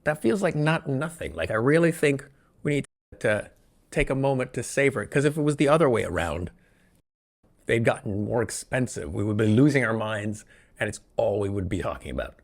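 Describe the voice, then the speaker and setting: A man hosting a solo podcast, talking in an excitable, rambling, jokey way from a room where he records alone. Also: medium pitch, brisk. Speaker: podcast host. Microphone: podcast microphone, also filmed.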